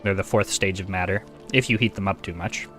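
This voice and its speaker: A man's voice: sits low, fairly even intonation, brisk, fairly bright tone, faint music behind. A man streaming a video game, chatting casually with a wry, self-deprecating manner into a desk microphone.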